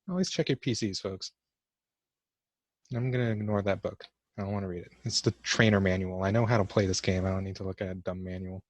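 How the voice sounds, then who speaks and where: A man's voice: low-pitched, fairly even intonation, a little fast, no room sound. A young man giving casual let's-play commentary for a class vlog, awkward and joking at his own expense. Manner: awkward, self-mocking joking. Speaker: gamer doing a class vlog.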